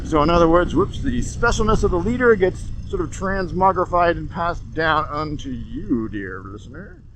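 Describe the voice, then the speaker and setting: A man hosting a casual comedic monologue while driving, sarcastic and animated, getting worked up. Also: a little high, moderate pace, rough recording. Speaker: host. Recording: road noise from a moving car.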